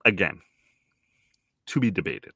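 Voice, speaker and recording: Male podcast host, from Toronto, 30s, deep bright voice, dry recording, wry, self-deprecating. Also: big pitch swings, unhurried, gravelly, slightly rough, no echo. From Toronto, Canada. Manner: wry, rambling, self-deprecating, swears casually. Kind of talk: casual opinion monologue.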